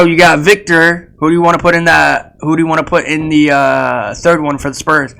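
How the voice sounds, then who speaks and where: A man's voice: a little high, level tone, fairly quick, gravelly, hardly any pauses, pushed and bright, poor audio. A man talking casually about upcoming basketball games, rambling with fillers and repeated phrases and speaking straight to players and fans. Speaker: sports video creator. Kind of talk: casual sports prediction talk.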